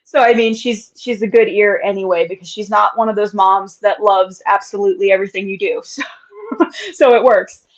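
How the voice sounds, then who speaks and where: A woman's voice: mid-range voice, fairly even intonation, fairly quick. Chatty woman author on a lo-fi call. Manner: chatty and candid, laughs often. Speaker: author guest. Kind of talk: casual interview chat. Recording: dull lo-fi sound.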